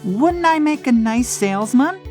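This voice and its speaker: Narrator doing a high-pitched playful young woman. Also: unhurried, soft background music. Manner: lively, teasing. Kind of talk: audiobook character voice.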